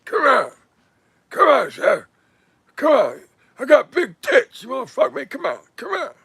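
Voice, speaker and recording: A man putting on the voice of a brash, flirty woman to mock her, in a shrill, teasing falsetto. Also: huge pitch swings, a little slow, vocal fry, bright, forceful tone, husky, no echo, clean studio sound, heavily acted.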